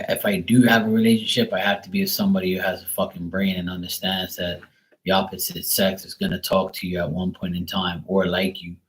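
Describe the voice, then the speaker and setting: A middle-aged man talks loosely on his live stream, blunt and full of swearing. His voice sits a little low. He rambles with plenty of fillers and now and then acts out other people's lines in a raised voice. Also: fairly bright tone, rough recording. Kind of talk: casual live-stream chat.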